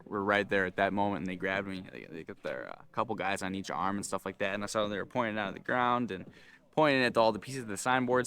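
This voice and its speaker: A young man casually telling a story to his viewers, acting out loud yells along the way. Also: smooth. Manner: animated, acts out screaming with loud high yells. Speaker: vlogger.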